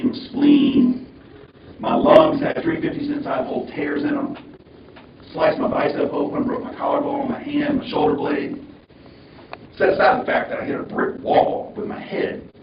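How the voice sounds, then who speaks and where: A man giving a commencement speech as a conversational, animated story in a large hall, recorded from a distance. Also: extremely low pitch, normal speed, vocal fry, heavy background noise. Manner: animated, conversational, mimics the voices of others. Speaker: commencement speaker. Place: large hall at a graduation ceremony. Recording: dull, roomy sound from far off.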